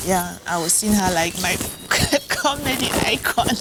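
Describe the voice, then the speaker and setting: A woman actress and producer, a guest in a casual interview, telling stories in an animated way. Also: medium pitch, slow, very noisy. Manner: animated storytelling, often laughing.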